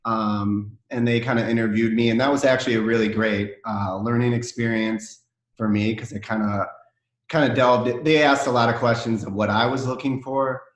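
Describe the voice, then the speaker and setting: A man's voice: mid-range voice, steady tone, moderate pace. A man talks as a guest on a webinar. He speaks in a casual, hesitant way full of kindas and ums. His call audio sounds roomy and echoey. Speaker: franchise owner guest. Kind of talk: webinar interview.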